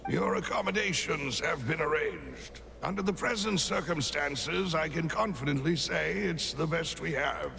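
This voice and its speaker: An actor playing a courtly, deferential butler in a video game, speaking formally. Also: male voice, fairly high pitch, a little slow, vocal fry, hardly any pauses, background noise. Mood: courteous. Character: formal gravelly older male butler retainer. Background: game music.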